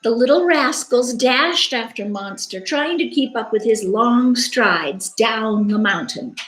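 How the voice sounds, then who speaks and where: A woman's voice: on the high side, slow pace. A woman reading a picture book aloud to children, dramatic and interactive, inviting listeners to join in. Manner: animated, interactive, dramatic gasps. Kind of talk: children's story read-aloud. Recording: echoey room.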